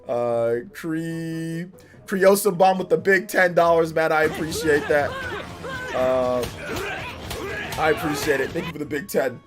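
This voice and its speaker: A male streamer talking off the cuff to his live chat, his voice sitting a little higher than most men's. He is emphatic and repetitive, circling back over the same point, with plenty of slang and frequent laughter. Faint music plays underneath. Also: unhurried. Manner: rambling and emphatic, repeats himself often; slangy, says "you know what I'm saying" and "bro". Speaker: live streamer reacting to a game trailer.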